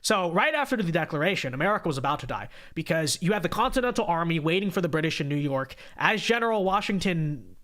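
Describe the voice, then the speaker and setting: A man's voice: a little high, lively intonation, fast, hardly any pauses, a bit bright. A congested man hosting a political livestream, ranting emphatically with repetition and sarcasm.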